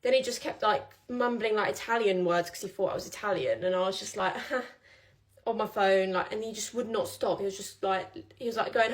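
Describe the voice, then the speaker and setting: A woman's voice: medium pitch, fairly even intonation, fairly quick. A young woman telling a personal story in a casual vlog, chatty and rambling with many fillers.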